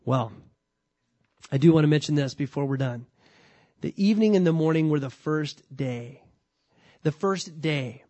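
Man, pastor, conversational sermon, slightly high voice, dry close sound. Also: unhurried, long pauses, dark tone, no room sound, lo-fi sound. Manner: conversational, dry humor, frequent restarts. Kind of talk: sermon teaching on scripture.

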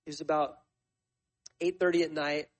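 A man's voice: fairly high pitch, little pitch movement, normal speed, rough recording. A man in his forties, a missionary speaking to his church in a conversational, storytelling sermon full of fillers and restarts. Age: 40s. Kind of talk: sermon testimony.

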